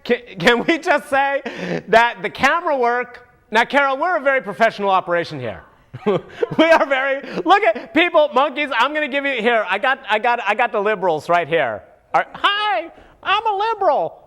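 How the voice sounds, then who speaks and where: A man's voice: very high-pitched, sing-song, moderate pace, bright, forceful tone, exaggerated voice. A man voicing a wisecracking male monkey puppet in a comic political commentary, goofy and mocking, with sudden whooping outbursts. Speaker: puppet show host.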